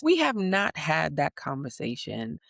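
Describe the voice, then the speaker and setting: A woman's voice: low voice, wildly swooping pitch, a little slow, gravelly, no echo, clean studio sound. A woman in her thirties, born in the United States, telling family stories as a guest and acting out her children's voices. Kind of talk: conversational interview.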